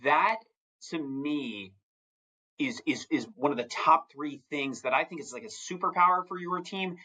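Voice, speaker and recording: A man's voice: fairly high pitch, unhurried, poor audio. A man co-hosting a casual sports podcast, rambling into tangents and acting out imagined quotes. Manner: animated, acts out imagined quotes. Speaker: podcast co-host.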